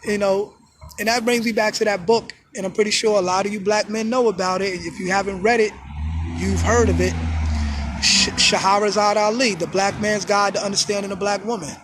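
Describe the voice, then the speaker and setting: A man talking in a casual monologue, animated, full of street slang, often acting out other people's voices. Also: high voice, normal speed, noisy background. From New York. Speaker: host. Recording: music in background.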